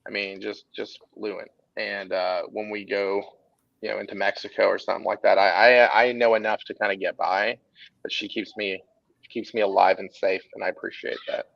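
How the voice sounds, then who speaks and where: A man's voice: on the low side, normal speed, vocal fry, no echo, lo-fi sound. A man in his forties with a Southern Texas accent, an artist chatting casually and telling stories with lots of restarts. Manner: animated, rambling storyteller with frequent restarts. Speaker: artist and creative director. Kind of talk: casual chat on a livestream.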